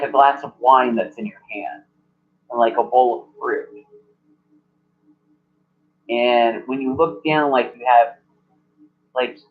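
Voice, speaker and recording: A man narrating as game master in a halting way, filling gaps with "like". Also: medium pitch. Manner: halting, many "like" fillers. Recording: muffled lo-fi recording.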